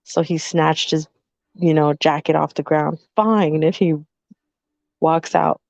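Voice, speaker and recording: Gravelly-voiced woman telling a story. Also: low voice, slow, dry recording. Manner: animated, acts out voices in her story. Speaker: podcast co-host. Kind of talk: casual storytelling. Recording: dull lo-fi sound.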